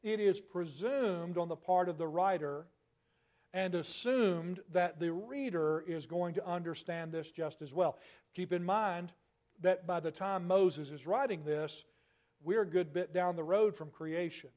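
A man preaching a sermon, asking rhetorical questions and slowing down to stress key phrases. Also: high voice, darkish tone.

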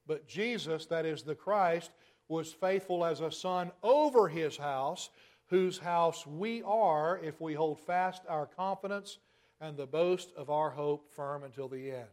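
A man delivering a sermon in a voice pitched a little above the usual for a man. He preaches in a measured, emphatic way, leaning on key words by drawing them out. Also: darkish tone.

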